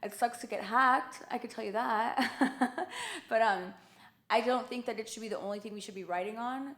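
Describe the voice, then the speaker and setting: A woman's voice: a little high, lively intonation, moderate pace, fairly bright tone. A woman being interviewed, telling stories casually with lots of fillers and quoted dialogue. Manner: chatty storyteller, many fillers. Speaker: interview guest.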